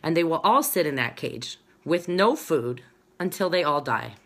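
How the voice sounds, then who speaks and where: A woman's voice: low-pitched, very animated, moderate pace. A woman fitness coach in her thirties, chatting casually to followers and reading their comments aloud as she rambles through a story. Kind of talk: casual chat to followers, live-streamed.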